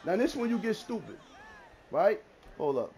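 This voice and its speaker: Brief: male gamer with a very high, animated voice who trash-talks live gameplay. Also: moderate pace. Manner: loud, taunting, repeats phrases, swings from mutters to shouts. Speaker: gamer streaming a football video game.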